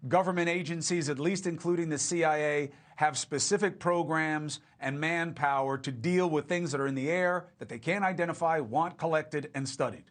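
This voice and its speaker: A man's voice: fairly high pitch, normal speed, hardly any pauses. A male news anchor delivering a punchy, emphatic introduction and questions on a cable news show.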